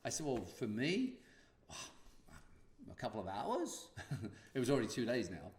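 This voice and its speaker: Man, podcast host, casual storyteller, mid-pitched voice, echoey room. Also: a little fast. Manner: animated, acts out dialogue.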